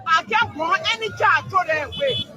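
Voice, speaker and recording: A woman's voice: extremely high pitch, normal speed. A woman with a Liberian English accent interviewed on the street, speaking in an earnest, motherly, pleading way. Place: outdoors on a busy street. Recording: outdoor crowd and traffic noise.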